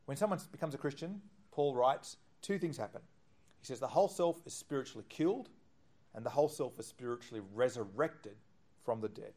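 Middle-aged male pastor, sermon delivery, mid-pitched, animated, dropping to near-whispers for quotes. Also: fairly quick. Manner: animated, quoting with shifts between hushed and loud.

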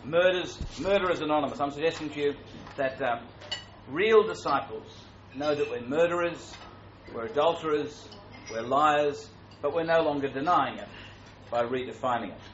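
A man preaching a sermon in a church, talking in a conversational, animated way that grows louder. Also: fairly high pitch, normal speed, slight background noise. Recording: roomy, muffled church recording.

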